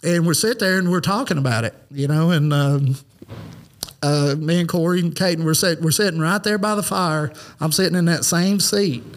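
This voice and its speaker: A man's voice: a little high, moderate pace. Earnest man telling a tale. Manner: rambling, earnest, lots of "you know" fillers. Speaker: podcast guest. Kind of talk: casual storytelling.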